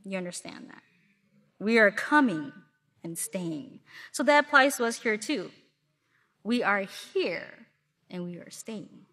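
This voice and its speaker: A woman from Milwaukee giving a sermon to a congregation, telling stories in a lively way and acting out what people say. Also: medium pitch, a little slow, pauses often. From Milwaukee, Wisconsin. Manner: lively storytelling with acted-out asides. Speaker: congregation speaker.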